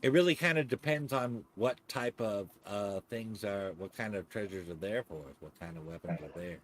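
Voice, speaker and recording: A man playing a tabletop game, talking strategy in a halting way, repeating words as he thinks. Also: lowish voice. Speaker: player. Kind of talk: casual chat in a tabletop game.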